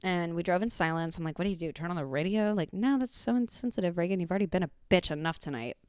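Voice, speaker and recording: A woman, hosting a podcast and telling a profane, animated story in casual chat. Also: on the low side, very fast, clean tone, dry recording, studio quality. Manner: animated, profane, acts out quotes. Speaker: podcast host.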